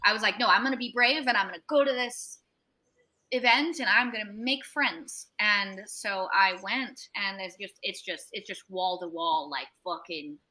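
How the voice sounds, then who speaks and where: A young woman, a tattoo artist, telling a long anecdote in a casual interview, animated, swearing freely and acting out other people's voices. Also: mid-range voice, normal speed.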